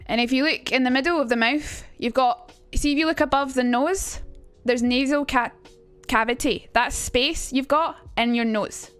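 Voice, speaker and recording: A young woman talks through a casual livestream lesson, quick to poke fun at herself and swear. Her voice sits high, and soft music plays faintly behind her. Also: smooth. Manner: chatty and self-mocking, swears freely. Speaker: streamer teaching accents.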